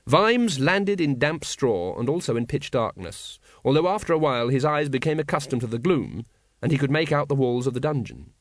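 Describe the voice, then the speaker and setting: A man's voice: mid-range voice, sing-song, normal speed, no echo. A man reading a novel aloud in a dry, wry storytelling manner. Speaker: audiobook narrator. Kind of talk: scripted narration.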